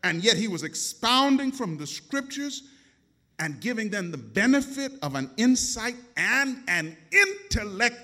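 A male preacher delivering a dramatic, emphatic sermon, calling out to the congregation for response. His voice sits high and bright, and his pitch swings widely from phrase to phrase. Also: sing-song, a little slow.

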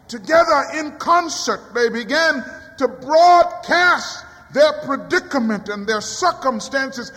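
A man preaching a sermon in a church, swinging from quiet low passages to high cries. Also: expressive, slow pace. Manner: dramatic rising cries and quiet drops. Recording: long hall reverb.

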